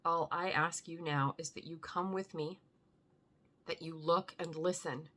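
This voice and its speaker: A woman reading aloud and voicing a grave, solemn old foreign doctor who speaks in measured tones. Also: low-pitched, fairly even intonation, fairly bright tone. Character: grave old foreign male doctor, stern yet tender. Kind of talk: audiobook reading.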